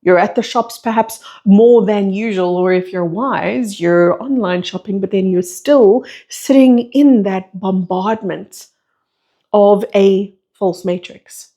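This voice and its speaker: A woman's voice: mid-range voice, slow pace, dark tone. A woman speaking as a spiritual teacher and breathwork facilitator, delivering a flowing monologue full of repeated rhetorical questions.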